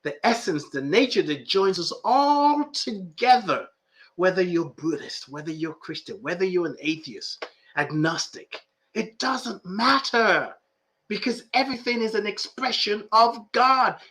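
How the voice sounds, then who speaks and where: A man's voice: high voice, expressive, unhurried, fairly bright tone. A middle-aged man hosting a spiritual talk show, preaching with emphatic repetition and plenty of emotion. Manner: preacher-like, emphatic, repeats phrases for effect; laughs often, emotional and full of feeling. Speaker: podcast host and life coach. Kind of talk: live-streamed spiritual talk reading viewer comments.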